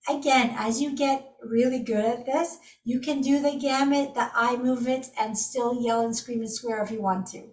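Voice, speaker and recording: A woman's voice: a little high, steady tone, normal speed, hardly any pauses. A woman teaching an energy healing technique, guiding listeners step by step in an encouraging way. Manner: encouraging, speaks example phrases aloud. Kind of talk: guided tapping demonstration. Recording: echoey room, far from mic.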